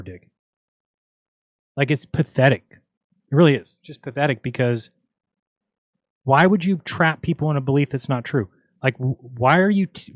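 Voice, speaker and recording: A man's voice: a little high, dry recording. Exasperated ranting man, dry close mic. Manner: exasperated, mocking, argumentative. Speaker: livestream host. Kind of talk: casual ranting livestream talk.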